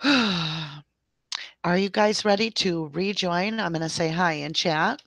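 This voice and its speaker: A woman's voice: fairly low pitch, slow pace, a bit bright, dry recording. A woman hosting a livestream, ranting at length in an exasperated voice and talking straight to her viewers. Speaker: livestream host.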